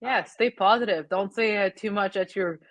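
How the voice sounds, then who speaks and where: A young woman from Canada with a French Canadian accent, a native French speaker, chatting as a podcast guest, hesitant with many fillers and quick laughs. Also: mid-range voice, no echo. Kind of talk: casual interview chat.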